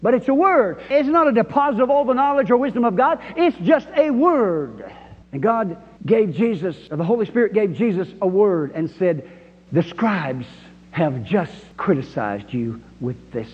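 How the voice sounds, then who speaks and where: An emphatic male pastor with a high voice preaches to his congregation and draws calls and responses from them. His voice rings through a long hall reverb and comes across dull and lo-fi. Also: sing-song, moderate pace. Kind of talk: sermon. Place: church sanctuary.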